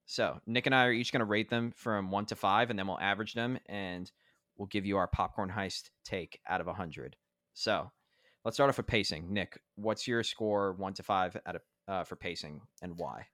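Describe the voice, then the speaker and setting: A man's voice: low voice, moderate pace, fairly bright tone, no room sound, clean studio sound. A man co-hosting a podcast, chatting casually about a movie with lots of filler words and restarts. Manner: rambling, filler-heavy, lots of 'like'. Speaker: podcast co-host. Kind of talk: casual movie review chat.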